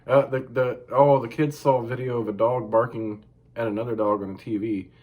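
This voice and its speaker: A man co-hosting a casual podcast, telling stories with lots of swearing and sudden high-pitched outbursts. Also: a little fast, narrow, tinny audio. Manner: animated storytelling, jumps high for exclamations. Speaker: podcast co-host. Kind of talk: casual profane chat.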